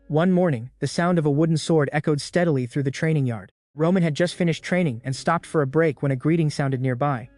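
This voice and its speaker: A man narrates a story recap from a script in an even storytelling manner. His voice sits fairly high. The recording is dry and close. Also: fairly quick, no room sound, faint music behind.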